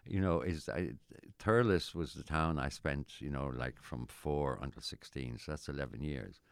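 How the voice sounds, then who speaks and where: A middle-aged Irish man chatting casually as an interviewee, rambling and halting with many restarts. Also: rumbling low, gravelly, smooth, no room sound, clean studio sound. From Ireland. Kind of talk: casual chat.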